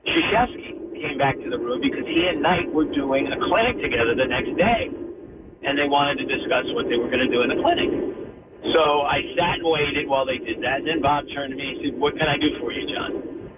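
A middle-aged man with a slightly high voice tells a long story as a radio guest, jumping into the voices of everyone he quotes. Heavy noise runs behind him on the broadcast line. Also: fairly quick. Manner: animated anecdote teller, acts out quoted voices. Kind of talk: phone-in radio interview storytelling.

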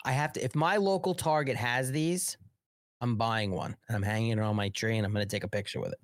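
A man's voice: mid-range voice, fairly even intonation, fairly quick, no room sound. A middle-aged man hosting a live political commentary show, ranting in a mocking, sarcastic way, swearing and laughing often.

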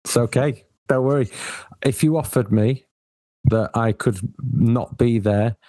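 A man's voice: medium pitch, measured pace, warm tone, no room sound. A man hosting a casual football podcast, chatty, often restarting his sentences and firing off questions. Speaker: podcast host.

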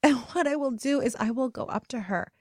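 A woman in her thirties hosting a podcast, speaking in a gentle, reflective way and dropping to soft whispers at tender moments. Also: sits high, lively intonation, fairly quick, no echo, clean studio sound. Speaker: podcast host and coach. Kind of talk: guided reflective talk.

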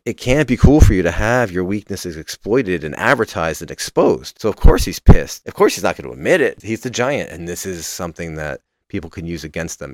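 Brief: man, very low voice, casual podcast recap, animated and profane, close dry mic. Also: dry recording. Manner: animated, swears freely, swings between loud and quiet. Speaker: podcast contributor reviewing a wrestling match.

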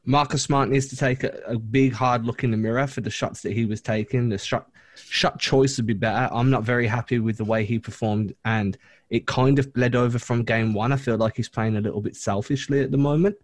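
A man's voice: medium pitch, steady tone, brisk, dry recording. A man hosting a basketball podcast, talking bluntly and with frustration about a lost game in casual chat. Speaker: podcast host.

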